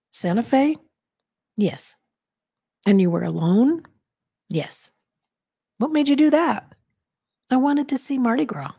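A woman reading aloud from her own novel, voicing the dialogue in a calm, even storytelling manner. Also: lowish voice, husky, no room sound, studio quality. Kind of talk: audiobook-style reading.

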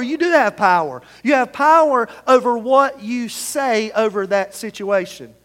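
Male pastor, very high voice, sermon, church sanctuary with long reverb. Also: lively intonation, a little slow, few pauses, fairly bright tone. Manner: leads the congregation in call-and-response scripture reading. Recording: long reverb of a large hall.

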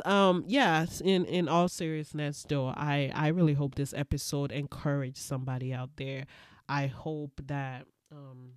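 A woman's voice: sits low, a little slow, a little mellow, no room sound, studio quality. A woman hosting a faith-based encouraging podcast, talking earnestly and playfully, with many fillers and restarts. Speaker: podcast host.

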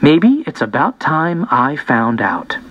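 Man voicing a mother, middle-aged, calm, firm, matter-of-fact, audiobook. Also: a little high, slow pace, dull audio, exaggerated voice. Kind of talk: audiobook character voice.

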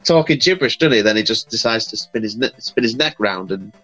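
A man co-hosting a casual podcast, easygoing and halting, often repeating words. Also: fairly low pitch, animated, bright, forceful tone, lo-fi sound, soft background music. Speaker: podcast co-host. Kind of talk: casual chat.

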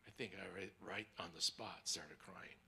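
A man preaching as a guest speaker, telling a personal story. He drops to hushed, near-whispered tones and then rises to emphatic preaching, often repeating words as he goes. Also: deep voice, normal speed, creaky, a little hiss or hum.

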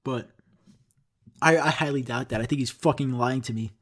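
In a mid-range voice at normal speed, a man hosting a podcast rants casually, swearing, wandering off topic and poking fun at himself.

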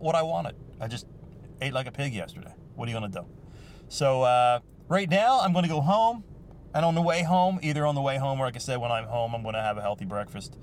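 A man talks casually in his car to his listeners, joking at his own expense and laughing often. His voice sits a little high for a man. Traffic and engine noise run clearly behind him. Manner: chatty, self-mocking, laughs often, bursts into playful shouts. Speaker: podcast host. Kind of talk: casual personal monologue.

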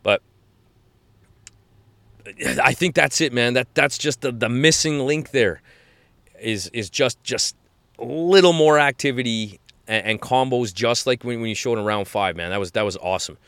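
A man's voice: mid-range voice, moderate pace, fairly bright tone, clear, resonant tone, no echo. A man in his forties hosting a podcast, recapping fights in a rambling, enthusiastic way full of restarts. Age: 40s. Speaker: podcast host. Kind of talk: casual fight-recap chat.

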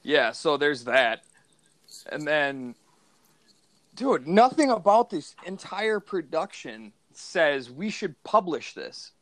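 A man in casual podcast chat, tearing into a bad movie with frequent cursing and exasperated outbursts. His voice sits a bit high for a man. The sound is dry and close, with no room around it. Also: very animated, slow pace, no echo. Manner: profane, exasperated ranting. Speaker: podcast co-host.

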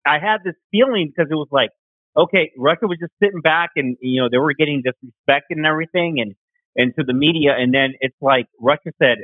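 Male caller, heated and profane, slightly high voice, tinny phone line, dry. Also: fast talker, no echo. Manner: heated, profane, slangy ranting. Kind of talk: casual phone chat.

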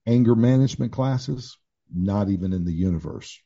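An older pastor talks through his own story frankly, stopping and restarting often. His voice sits a little low, with a very dark, husky tone. The recording sounds dull and lo-fi. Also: normal speed. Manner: candid storytelling with many restarts and fillers. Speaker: pastor and author. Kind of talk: conversational testimony.

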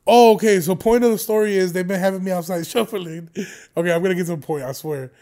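A young man with a high voice talks straight to his viewers in a loose, rambling monologue. He swears freely, wanders off topic and keeps breaking into laughter between jokes. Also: fast, mellow. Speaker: vlogger.

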